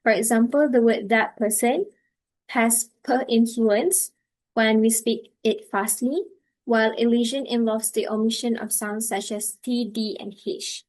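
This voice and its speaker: A woman student presenting her part of a class project, halting and using fillers as she explains. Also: a little high, steady tone, a little mellow, low-quality recording. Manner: halting, with fillers and slow stretches.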